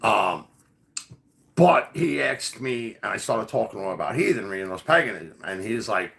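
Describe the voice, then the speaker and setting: Male podcast host, forceful and animated, rambling casual storyteller. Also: lowish voice, normal speed, vocal fry. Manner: profane, rambling, full of fillers.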